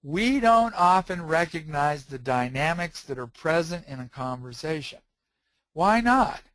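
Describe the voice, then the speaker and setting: Male trainer voice, fairly high-pitched, animated storytelling, dry close mic. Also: measured pace, no echo, rough recording. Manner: animated storyteller, acts out quoted dialogue. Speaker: author and trainer. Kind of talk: storytelling talk.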